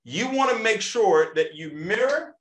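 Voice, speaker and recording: A man's voice: sits high, animated, a little slow, fairly bright tone, slight background noise. A man giving an emphatic motivational training talk to a live audience, repeating key phrases and often checking in with "okay?". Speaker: sales trainer. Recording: echoey room.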